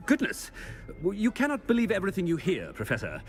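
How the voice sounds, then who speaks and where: A vain, pompous headmaster in a video game, talking down to everyone in a high, hugely swinging voice. He is haughty and easily flustered, with faint game music behind him. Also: wildly swooping pitch, moderate pace. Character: vain, pompous middle-aged male headmaster.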